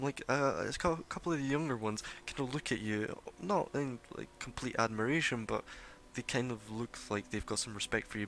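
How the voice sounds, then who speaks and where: A man's voice: fairly low pitch, a bit bright, slight background noise. A man narrating as game master of a tabletop game, rambling with many fillers.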